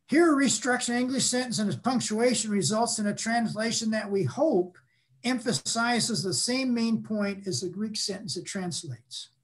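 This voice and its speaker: Older man giving a measured academic lecture. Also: high-pitched, lively intonation. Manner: measured, explanatory, pausing to restate.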